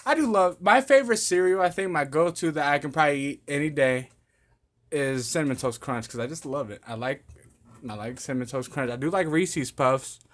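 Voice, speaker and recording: Young man, podcast host, slightly higher voice, rambling, crude jokes. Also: fairly quick. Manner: joking, rambling, crude banter. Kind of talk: casual chat.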